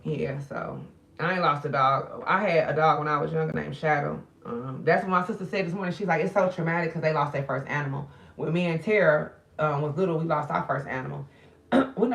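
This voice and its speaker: Low-voiced grieving woman chatting on a livestream. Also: fairly quick, vocal fry. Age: middle-aged. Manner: loose, chatty, talking to viewers directly. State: grieving, subdued. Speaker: spiritual reader streaming live. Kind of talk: casual livestream chat.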